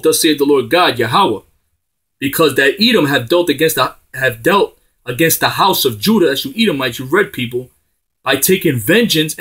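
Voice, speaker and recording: A man's voice: mid-range voice, a bit bright, husky. A man preaching, reading scripture aloud and breaking in with emphatic, profane street talk. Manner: emphatic, profane and slangy between verses.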